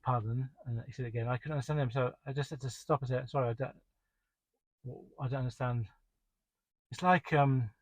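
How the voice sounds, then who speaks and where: Man, van driver, rambling spoken diary, mid-pitched voice, dry close sound. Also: dry recording, rough recording. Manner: rambling, with many restarts and "um"s; exasperated, complaining.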